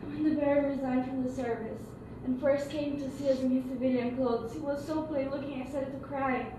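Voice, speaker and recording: An actress playing a gentle elder sister, soothing and earnest in stage acting, recorded from a distance in an echoey room. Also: female voice, high-pitched, level tone, fairly quick, background noise, lightly acted.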